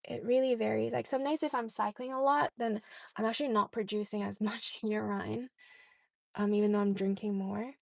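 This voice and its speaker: A woman's voice: fairly high pitch, fairly even intonation, normal speed, vocal fry, darkish tone, dry recording, clean studio sound. A young woman vlogger chatting casually, answering viewer questions and often checking in with "okay?". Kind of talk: casual chat.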